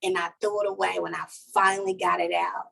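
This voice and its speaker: A woman, speaking as a coach on a podcast. She tells her story with energy and feeling, her voice rising high when she acts out what she said, and she talks straight to the listeners. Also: little pitch movement, a little fast, creaky, fairly bright tone, husky. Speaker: podcast guest, life coach. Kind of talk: casual podcast conversation, personal testimony.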